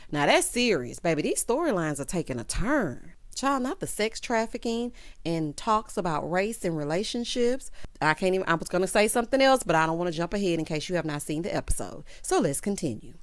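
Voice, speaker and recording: Sassy animated woman recapping a show. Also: fairly low pitch, dry recording. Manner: animated, sassy, calls listeners child and honey; acts out characters' lines in quick quotes. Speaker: TV recap host. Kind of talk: casual episode recap.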